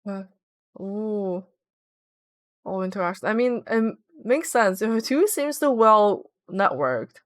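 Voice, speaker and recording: A woman's voice: medium pitch, lively intonation, takes it slowly. A woman streaming a game, chatting casually and giggling as she reads viewer messages aloud. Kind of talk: casual livestream chat.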